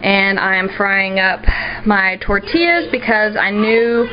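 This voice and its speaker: A woman's voice: medium pitch, expressive, slow pace, slight background noise. A woman with a Southern US accent, chatting casually through dinner prep for her family vlog, rambling with lots of ums and likes. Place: home kitchen. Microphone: handheld camera. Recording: lo-fi home video with family chatter.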